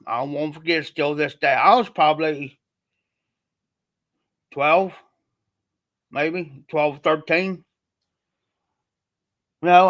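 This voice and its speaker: A man's voice: a little high, a bit bright. A man from Ohio hosting a livestream, telling a personal story in a rambling, repetitive, colloquial way. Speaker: livestream host.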